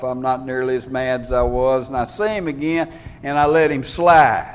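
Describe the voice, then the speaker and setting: A man preaching a sermon in a folksy way, reading scripture and building to fervent, loud passages. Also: medium pitch, fairly even intonation, a little slow, clear, resonant tone. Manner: folksy, rising to fervent shouts when preaching.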